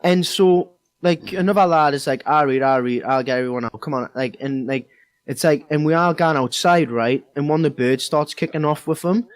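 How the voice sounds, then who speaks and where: Young Geordie guy for a casual podcast, rambling, lots of swearing, raised pitch, dry close sound. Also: brisk, dry recording. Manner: rambling, heavy swearing, many fillers. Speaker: podcast co-host. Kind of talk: casual storytelling.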